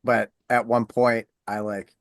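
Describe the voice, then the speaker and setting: A man's voice: medium pitch, little pitch movement, unhurried, dry recording, clean studio sound. A middle-aged man hosting a podcast, telling a funny story in casual chat, swearing freely and acting out the voices of people he quotes. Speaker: podcast host.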